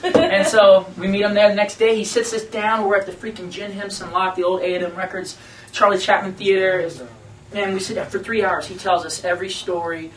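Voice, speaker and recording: Animated man telling a story in a roomy room. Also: sits high, a little fast. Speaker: band member, guest. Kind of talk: casual storytelling interview. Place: radio station conference room. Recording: roomy room, mic at a distance, faint noise.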